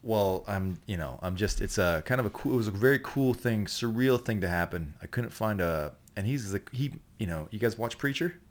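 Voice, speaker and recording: Low-pitched man, podcast guest, loose and profane, keeps restarting his sentences. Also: animated, normal speed, few pauses. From Canada. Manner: profane, rambling, with many restarts. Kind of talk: casual storytelling chat.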